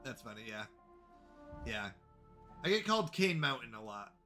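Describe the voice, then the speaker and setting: A man's voice: mid-range voice, big pitch swings, normal speed, pushed and bright. A man chatting casually with his viewers while playing a game on a live stream, rambling and friendly. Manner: chatty, rambling, talks to chat. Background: faint background music.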